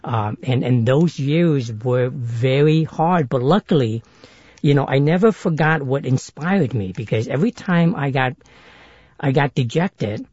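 A middle-aged man with a higher-sounding voice, telling stories as a guest in an interview, hesitant with many restarts. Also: lively intonation, a little slow, a little mellow, husky, no room sound, highs cut off. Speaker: guest, actor and author. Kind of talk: interview storytelling.

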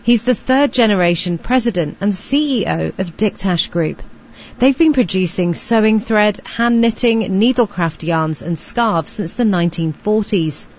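A woman presenting a business radio programme, in clear, scripted delivery and on-location interviews. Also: mid-range voice, expressive, a little slow, darkish tone, highs cut off. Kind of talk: radio presenting and field reporting.

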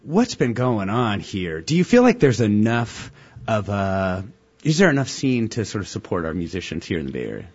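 A man's voice: fairly low pitch, normal speed, husky, lo-fi sound. A male host asking questions in a casual interview, thoughtful and hesitant. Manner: thoughtful, hesitant, lively intonation.

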